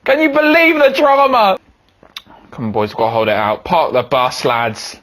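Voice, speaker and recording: A young man giving excitable commentary on his own football video game, swinging from low muttering to high shouting. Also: moderate pace. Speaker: gaming video host.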